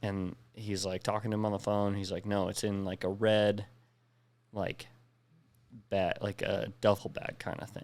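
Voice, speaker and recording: A man's voice: fairly low pitch, level tone, normal speed. A young man on a podcast telling a war story in casual, profane speech, acting out the dialogue. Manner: profane, recounts with quoted dialogue. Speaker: podcast co-host, veteran.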